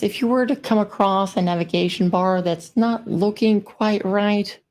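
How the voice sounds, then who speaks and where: A woman gives a friendly, informal conference presentation on writing, offering example sentences along the way. Her mid-range voice has a darkish tone, and she speaks unhurriedly, taking her time over each point.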